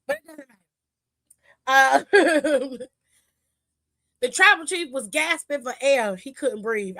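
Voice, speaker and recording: Woman, high voice, dry close sound, casual recap host, animated storyteller. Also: no echo. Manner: animated storytelling, acting out quotes, laughing.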